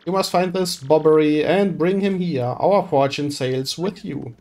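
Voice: medium pitch, a little slow, a little mellow, soft background music, natural voice. A streamer reading game dialogue aloud and voicing a pompous, flamboyant rich merchant with grand, theatrical delivery. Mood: grandiose.

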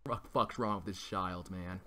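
A let's play gamer with a low, sharp voice comments at a moderate pace during a blind first playthrough of a video game, with faint game music in the background. He's crude and joking, swears a lot, trash-talks, and mock-taunts enemies in bursts.

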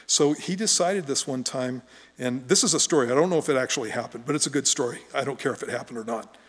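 A man's voice: medium pitch, quick pace, slightly rough. A middle-aged man preaching a sermon as pastor, conversational and joking, often restarting his sentences. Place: church sanctuary. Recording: long church hall reverb.

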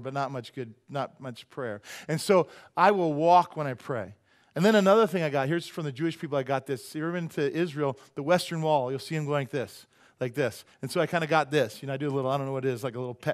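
A middle-aged man preaching a sermon as pastor, conversational and joking, often asking the congregation questions. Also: on the high side.

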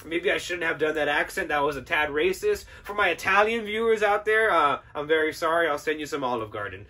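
A man's voice: on the high side, bright, forceful tone. A man hosting a podcast, giving a casual, profane and sarcastic film review with frequent laughter. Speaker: podcast host.

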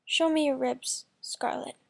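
A woman voicing a soft-spoken teenage boy killer in a hushed, half-whispered voice, read from a story. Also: high-pitched, unhurried, gravelly.

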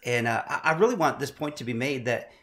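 A man's voice: mid-range voice, expressive, fairly quick, a bit bright. A man co-leading a casual sermon, affirming and expanding on his partner's points. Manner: affirming, adds short encouraging remarks. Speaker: co-pastor.

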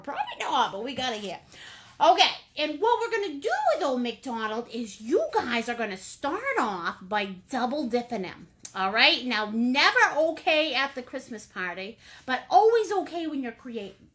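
Bubbly high-voiced woman teaching painting. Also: big pitch swings, normal speed, a bit bright. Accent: Maine. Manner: bubbly, playful, chatty with endearments. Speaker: painting instructor. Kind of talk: live-streamed painting class.

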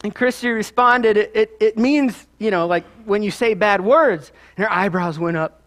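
A man's voice: high-pitched, moderate pace, a bit bright. A man with a Midwestern American accent, preaching a sermon in a conversational, storytelling way with asides. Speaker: pastor.

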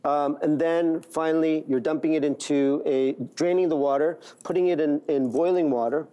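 A man's voice: on the high side, fairly even intonation, moderate pace, warm tone, clean tone. A man as a guest chef on a daytime talk show, walking the hosts through a cooking demo and checking in with "right?" and "okay?" as he goes. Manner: explaining steps with many "right?" and "okay?" checks. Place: TV studio kitchen.

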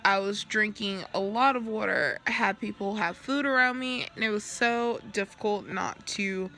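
A woman's voice: medium pitch, moderate pace, pushed and bright. A young woman telling her story in a casual vlog, recovering after surgery and stopping now and then to burp. She talks candidly, swears freely and acts out the dialogue she quotes. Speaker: vlogger.

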